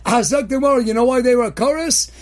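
A man with Orthodox Jewish English speech giving a short inspirational talk, animated, with sudden emphatic near-shouts and many filler sounds. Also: extremely high pitch, fast talker. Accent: Orthodox Jewish English with Hebrew and Yiddish terms. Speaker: rabbi giving daily inspiration.

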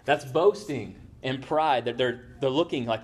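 A man's voice: medium pitch, a little slow, breathy edge. A man preaching a sermon as pastor, in a conversational way, often checking in with "right?". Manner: conversational, tags points with "right?".

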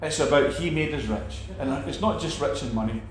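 A man teaching about faith in a relaxed talk, animated, acting out quoted people and restarting his sentences often. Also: on the high side, fairly quick, reverberant, slight background noise. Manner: animated, acts out quoted preachers, many restarts. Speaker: preacher.

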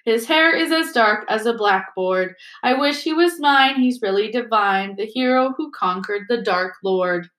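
A woman doing a grim, gruff dwarf. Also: on the high side, unhurried, few pauses, fairly bright tone, roomy sound. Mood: mock-sweet. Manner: gruff, blunt and pushy. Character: grim, surly male dwarf messenger.

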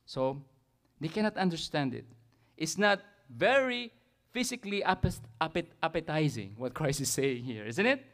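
A man with a Filipino accent preaching a sermon as pastor, animated and often tagging remarks with "isn't it?" and "amen?". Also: a little high, normal speed.

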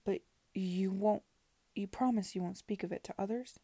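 Brief: assured young gentleman , a woman reading, whispered reading, husky and dry. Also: medium pitch, normal speed, no echo. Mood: earnest. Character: smooth self-assured young baronet man.

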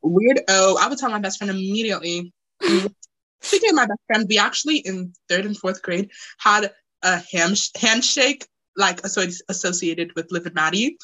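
A young adult woman co-hosting a podcast, chatting casually in an excitable, giggly way. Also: mid-range voice, rough recording. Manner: excitable, giggly, quick to laugh. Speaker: podcast co-host. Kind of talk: casual chat.

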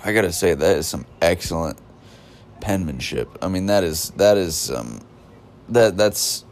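A man's voice: sits low, expressive, a little slow. A man delivering a rambling, scornful comedic rant, often breaking off and restarting his sentences. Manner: rambling, self-interrupting, scornful.

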